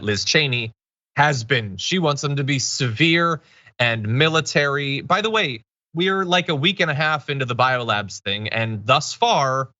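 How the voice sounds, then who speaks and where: A man's voice: mid-range voice, bright, forceful tone, dry recording, dull audio. A man co-hosting a political commentary show, talking casually with sardonic, mocking asides.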